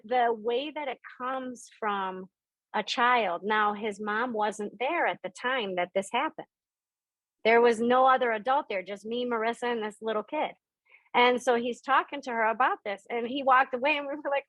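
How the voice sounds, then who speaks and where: This rough, dry recording catches a middle-aged woman at a moderate pace, her tone a little bright. On a video call, she tells stories from her own life to teach about spirit and intuition, performing quoted voices with dramatic pitch swings.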